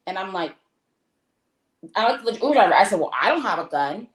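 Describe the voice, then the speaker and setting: With a mid-range voice that runs a little fast, an American woman animatedly tells a travel story in casual talk. She performs the quoted dialogue of the people in it and uses many fillers, and the recording sounds roomy and echoey.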